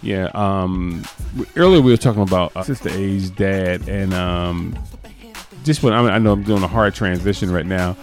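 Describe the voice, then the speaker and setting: A man in his forties telling a funny church testimony, animated and laughing often as he acts out quotes. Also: low voice, normal speed, soft background music. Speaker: church speaker. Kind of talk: humorous storytelling testimony.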